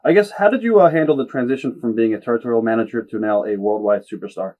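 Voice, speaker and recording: A man's voice: medium pitch, quick pace, dull audio. A man interviewing a guest, asking short questions and giving brief prompts.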